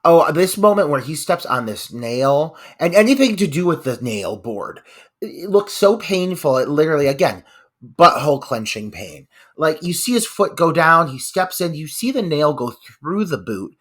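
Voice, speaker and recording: A man's voice: a little high, very animated, moderate pace, fairly bright tone. A man co-hosting a podcast, reacting to horror movie scenes with swearing and vivid disgust. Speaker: podcast co-host. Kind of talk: casual movie discussion.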